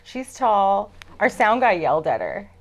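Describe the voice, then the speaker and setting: Woman podcast host, mid pitch, animated storyteller, casual chat in a studio lounge. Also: measured pace. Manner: animated storyteller, acts out quoted voices.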